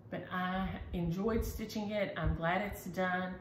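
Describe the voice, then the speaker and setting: Her voice fairly low and her intonation fairly even, a middle-aged woman talks a little slowly while enthusiastically showing her needlework in a casual vlog chat. Faint ambient noise fills the echoey room.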